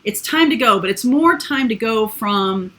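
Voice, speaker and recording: A woman's voice: on the high side, animated, measured pace, fairly bright tone. A woman giving a casual, rambling tarot reading full of fillers and asides. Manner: chatty, rambling, with frequent fillers. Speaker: tarot reader.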